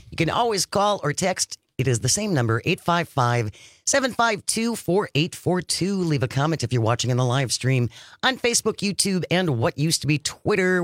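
A man's voice: on the high side, a bit bright, dry recording. A man co-hosting a casual talk radio show from a studio, reading listener texts aloud in a conversational way.

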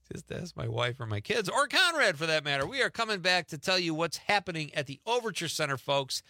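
Animated radio host man, dry studio sound. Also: no room sound. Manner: animated, chuckling, swings between playful asides and low murmurs. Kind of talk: casual call-in radio chat, reading listener texts. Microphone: studio radio mic.

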